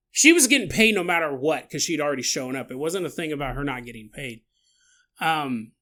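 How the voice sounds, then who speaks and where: Bright-voiced, laughing podcast host. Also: medium pitch. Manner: laughs often, mock-outraged, jumps into silly voices for people in the story. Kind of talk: casual storytelling with comic asides.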